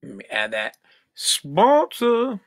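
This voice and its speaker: A man's voice: high voice, huge pitch swings, takes it slowly, no echo, clean studio sound. A man hosting a solo podcast from home, ranting in a profane, exasperated way. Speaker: podcast host.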